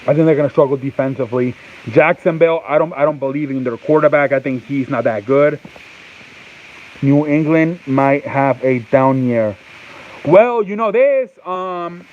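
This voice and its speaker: A man's voice: fairly high pitch, muffled recording, a little hiss or hum. A man hosting a casual sports talk show, rambling and restarting his sentences and answering people off-mic. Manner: rambling, repeats himself, restarts often; answers off-mic chat and reads live comments.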